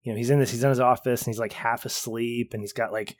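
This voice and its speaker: A man's voice: medium pitch, steady tone, fast, no room sound. A man co-hosting a podcast, talking through a film review in a thoughtful, long-winded way, repeating phrases as he builds his points. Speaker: podcast co-host. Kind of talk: casual film review chat.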